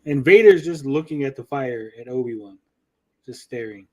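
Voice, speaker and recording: A man's voice: mid-range voice, lively intonation, normal speed, a little mellow, rough recording. A man co-hosting a casual review chat, blunt and profane, often mimicking characters. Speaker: podcast co-host.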